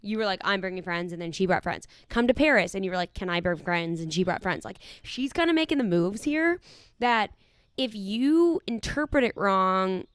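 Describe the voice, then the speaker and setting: A woman's voice: mid-range voice, lively intonation, normal speed, clean tone, no room sound, studio quality. A young woman co-hosting a podcast who reads a listener's letter and then gives frank, chatty advice. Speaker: podcast co-host. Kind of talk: casual chat.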